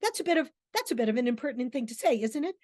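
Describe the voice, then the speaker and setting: Woman reading threatening guy, cold pointed questions, kinda high voice. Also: big pitch swings, rapid-fire, darkish tone. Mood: menacing. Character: menacing younger man, protective brother.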